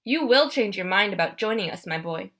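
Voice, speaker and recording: A woman's voice: mid-range voice, animated, fairly quick, a bit bright. A woman voicing a menacing male monster posing as a teacher, speaking in a cold, formal, mocking way in an audiobook. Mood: taunting. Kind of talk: audiobook character voice.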